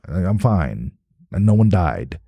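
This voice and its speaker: A man's voice: deep voice, sing-song, a little slow, gravelly, dark tone, no echo. A man from New Jersey telling a rambling story as a guest in casual chat, swearing freely. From New Jersey, USA.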